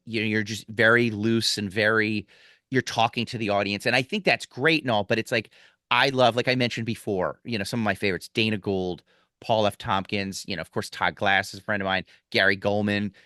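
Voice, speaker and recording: A man in his forties from Philadelphia, talking as a guest comic in loose podcast chat. His tone is bright and forward, and he tells stories in a rambling, animated way, circling back and restarting as he goes. The sound is dry and close, with almost no room. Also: fairly low pitch, a little fast, no echo. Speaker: guest comedian.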